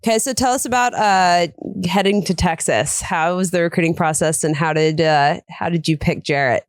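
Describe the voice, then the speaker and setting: A woman co-hosting an interview, playful and quick to laugh along. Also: fairly low pitch, no echo. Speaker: co-host. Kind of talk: casual interview chat.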